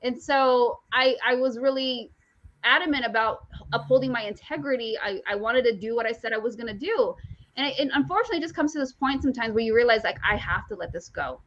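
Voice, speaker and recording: A woman co-host with a fairly high voice tells a personal story, repeating herself for emphasis. The sound is a bit dull and lo-fi. She talks in a casual, animated way. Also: fast talker. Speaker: podcast co-host. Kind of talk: casual chat. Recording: dull lo-fi audio.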